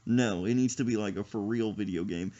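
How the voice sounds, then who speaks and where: A man's voice: on the low side, a little fast, highs cut off, crowd noise. A man co-hosting a podcast in casual chat, telling stories animatedly and laughing often. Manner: animated storytelling with frequent laughter. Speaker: podcast co-host.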